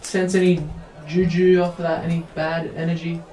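A man's voice: on the high side, monotone, normal speed, dark tone, echoey room, recorded from a distance. A man playing a tabletop game, hesitant, asking questions in character. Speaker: player.

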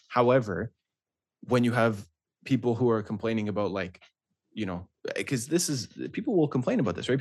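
A man with a fairly low voice makes his arguments in a relaxed football podcast chat. He builds each point step by step and keeps tagging "right?" onto his sentences. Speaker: podcast co-host.

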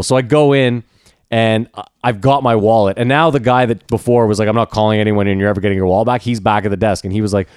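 Profane, animated man telling a story. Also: fairly low pitch, quick pace, clear, resonant tone, no echo, studio quality. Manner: animated, profane, acts out quoted voices. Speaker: podcast co-host. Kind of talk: casual storytelling.

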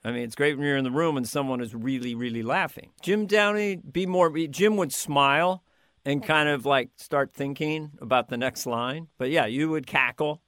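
A male comedian chatting in an interview, lively and quick to slip into impressions. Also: mid-range voice, no room sound, clean studio sound. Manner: animated, slips into quick impressions and sings snatches. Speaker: comedian guest. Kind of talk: casual interview chat with impressions.

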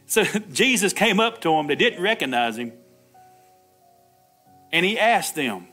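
A man's voice: high-pitched, very animated, measured pace, pauses often, bright, forceful tone, faint music behind. A man preaching an Easter sermon, laughing often, calling out "Amen" and acting out the Bible dialogue himself. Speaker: pastor.

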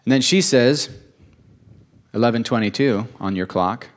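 A man's voice: medium pitch, measured pace, pauses often. A man preaching a sermon, earnest and emotional, repeating phrases for emphasis.

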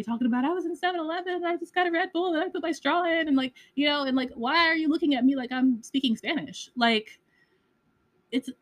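Candid, swearing woman podcast host. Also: sits high. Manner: casual, swears freely, heavy on "like" and "you know". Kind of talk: candid personal storytelling.

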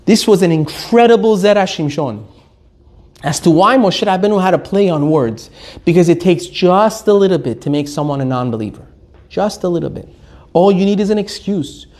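A man giving an animated Torah lesson, joking, laughing often and telling stories with Hebrew terms mixed in. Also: high-pitched, moderate pace. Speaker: Torah teacher.

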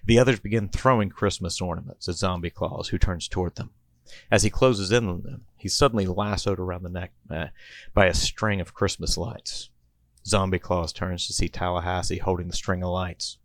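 A man's voice: low voice, fairly even intonation, normal speed, no room sound. A man and podcast host reading out a comedy story in a playful storytelling manner. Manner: playful storyteller, chuckling between bits.

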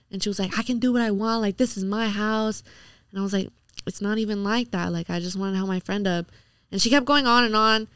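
A woman's voice: medium pitch, clean tone, no room sound, studio quality. A young woman on a podcast, casually retelling a night out in a chatty way, acting out quoted lines and filling her talk with "like". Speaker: podcast guest. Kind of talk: casual storytelling.

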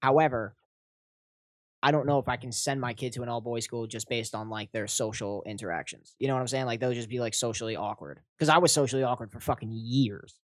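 A man's voice: mid-range voice, fairly quick, dry recording, clean studio sound. A young man, a comedian on a podcast, chatting casually, swearing and using lots of fillers. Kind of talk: casual chat.

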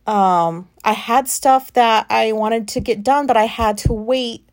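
Slow-paced and a little high, this late-thirties woman delivers a casual podcast monologue on her own. She comes across anxious and frustrated, rambling and swearing with plenty of filler words.

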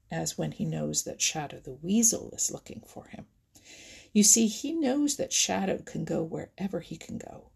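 Woman narrator for a storybook: gentle, mellow and breathy, slipping into whispers. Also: on the low side. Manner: gentle, often drops to a whisper.

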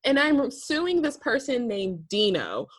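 A woman's voice: on the high side, big pitch swings, takes it slowly. A woman co-hosting a casual recap podcast, ranting with exasperation and laughing often. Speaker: podcast co-host.

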